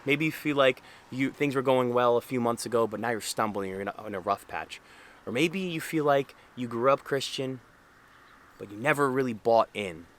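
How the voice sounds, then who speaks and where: A young Catholic man with a medium-pitched voice talks about faith to the camera at a moderate pace. His casual talk is earnest and conversational, with frequent fillers.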